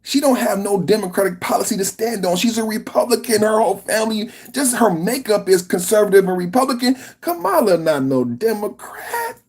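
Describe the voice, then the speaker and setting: A man hosting a podcast, delivering a political reaction rant in an emphatic, slangy, repetitive way with a husky voice. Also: high voice, expressive, fairly quick, few pauses, a little mellow. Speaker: podcast host.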